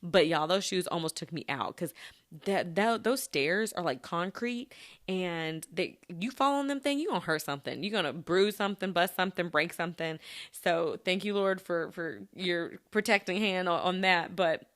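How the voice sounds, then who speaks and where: A woman's voice: fairly low pitch, moderate pace, fairly bright tone. A woman hosting a casual solo podcast who chats and giggles and talks straight to her listeners. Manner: chatty, giggly, addresses listeners directly. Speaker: podcast host.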